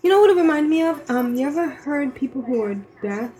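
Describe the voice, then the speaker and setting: Woman, fairly high voice, podcast co-host, casual chat, halting, restarts. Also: animated, dark tone, poor audio.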